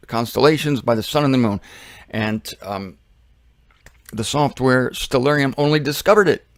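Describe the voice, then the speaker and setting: Gravelly man rambling through Bible teaching. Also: medium pitch, no echo. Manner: rambling and joking, with self-deprecating asides.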